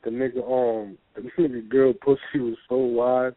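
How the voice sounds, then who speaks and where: A man's voice: medium pitch, flat delivery, moderate pace, dry recording. A man co-hosting a casual call-in talk show, laid-back and profane, laughing often. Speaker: co-host. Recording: tinny phone line.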